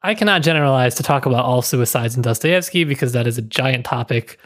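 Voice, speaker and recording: A man co-hosting a book podcast, relaxed and wry, reading a quote aloud and giving his view. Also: mid-range voice, fast. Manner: relaxed, reads a quote aloud, self-deprecating. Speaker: podcast co-host. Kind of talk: casual book discussion.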